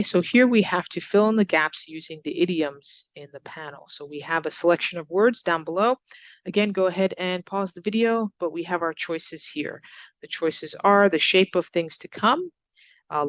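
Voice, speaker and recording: A woman teaching English to learners, giving example sentences and repeating words slowly with exaggerated stress. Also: lowish voice, dry recording. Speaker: ESL teacher. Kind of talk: recorded English lesson.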